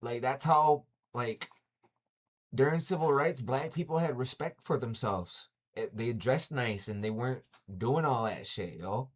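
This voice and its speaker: Blunt, profane man ranting to his live chat at a middle pitch. He keeps tacking "yo" onto his sentences and says things twice to drive them home. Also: measured pace. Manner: repeats himself for emphasis. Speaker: livestreamer. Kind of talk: casual rant to live chat.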